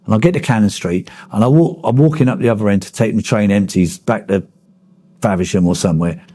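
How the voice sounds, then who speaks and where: A man's voice: fairly low pitch, fairly quick, dark tone. A man, a former miner giving a blunt oral history interview, swearing freely as he tells his stories. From Kent, England.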